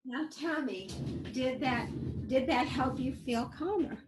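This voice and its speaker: A woman's voice: high-pitched, slow, over a noisy crowd, poor audio. Earnest woman teaching over a video call. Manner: earnest, storytelling, coaching the audience through exercises. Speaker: safety educator. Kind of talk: webinar teaching with live demos.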